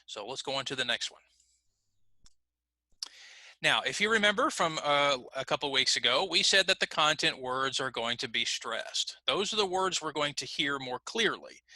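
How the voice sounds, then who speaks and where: A male teacher leads a pronunciation lesson. His voice is very bright and sits at a middle pitch, and it sounds close and dry with no room echo. He speaks patiently, says "again" often, and slows right down when he models a phrase. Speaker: ESL teacher.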